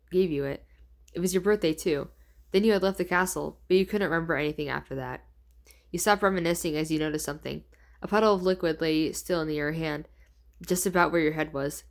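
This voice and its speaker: Rich: A woman in her twenties reads her old fanfiction aloud, pausing for wry asides. She trips over words and fixes them as she goes, and her voice sits a little low. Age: 20s. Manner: stumbles and corrects herself, laughs at her own writing. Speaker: fanfiction reader.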